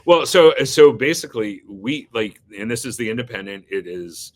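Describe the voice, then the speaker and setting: A man's voice: medium pitch, animated, normal speed. A man being interviewed as an agency leader, speaking earnestly with many fillers and restarts. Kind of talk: casual interview talk.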